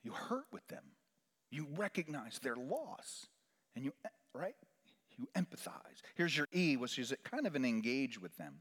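A man preaching a sermon in a church sanctuary, his voice carrying a long reverb through the hall. He talks in a lively, animated way, pushing up loud and high for emphasis, then sinking to hushed, near-whispered lines. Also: unhurried. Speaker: chaplain.

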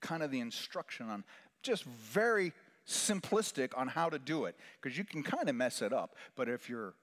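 A man preaching as a chaplain, swinging from loud, emphatic rises to hushed, almost whispered lines. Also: mid-range voice, sing-song, normal speed. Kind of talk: sermon. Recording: long reverb of a large hall.

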